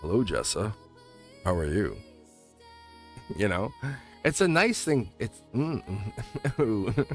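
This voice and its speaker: A man's voice: on the low side, huge pitch swings, slow, pauses often. A man hosting a tarot livestream in a rambling, casual way, chuckling often and restarting his sentences. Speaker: tarot reader and livestream host. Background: faint music.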